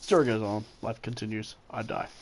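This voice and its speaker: With a fairly low voice and a brisk pace, this New Zealand man hosts a gaming channel and rambles casually through a story about gameplay, chuckling and fixing his own mistakes along the way.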